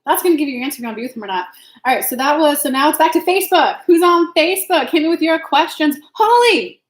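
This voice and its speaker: A woman's voice: high-pitched, lively intonation, fast, roomy sound, low-quality recording. A woman hosting a live stream as an intuitive reader, giving frank, casual advice and answering viewers' questions by name, swearing now and then.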